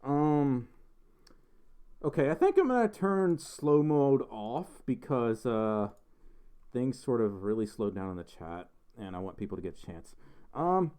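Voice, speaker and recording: Lively-voiced man chatting on a livestream. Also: mid-range voice, measured pace, smooth. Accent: slight Southern US. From South Mississippi. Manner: rambling, self-deprecating, lots of fillers. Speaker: livestream host. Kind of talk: casual livestream chat reading comments.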